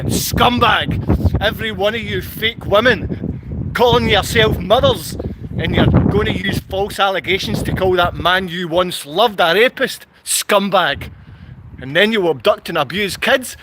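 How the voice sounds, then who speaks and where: High-pitched and a little slow, this Scottish vlogger rants in a Glasgow accent straight to camera over a noisy background. He's enraged, insulting and repetitive.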